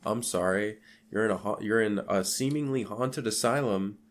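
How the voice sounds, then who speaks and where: Man, podcast co-host, low voice, laid-back rambling film chat. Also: moderate pace. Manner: laid-back, rambling, heavy filler words. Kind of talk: casual film discussion.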